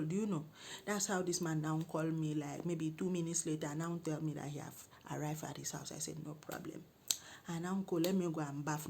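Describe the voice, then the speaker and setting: A middle-aged woman with a Nigerian English accent, telling a comic story in an animated, exclaiming way and scolding when indignant. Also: lowish voice, slight background noise. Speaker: comedic storyteller.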